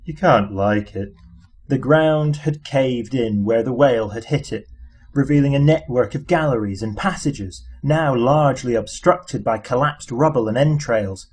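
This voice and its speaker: A husky-voiced man narrating an audiobook. He reads in a measured, dry storytelling manner at a mid pitch. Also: darkish tone. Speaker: audiobook reader.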